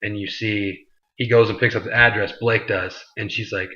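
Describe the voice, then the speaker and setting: A man's voice: on the low side, steady tone, normal speed, bright, forceful tone. A man hosting a vlog, recapping a movie in a loose, rambling way full of "like" and "you know". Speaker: vlog host reviewing a movie. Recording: dull lo-fi sound.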